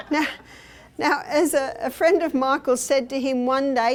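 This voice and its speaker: A woman's voice: high-pitched, fairly even intonation, a little slow, a little hiss or hum. An older woman speaking at a health seminar, telling personal stories and acting out what people said. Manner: storytelling, acts out quoted speech. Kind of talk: seminar talk with personal anecdotes. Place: hotel meeting room.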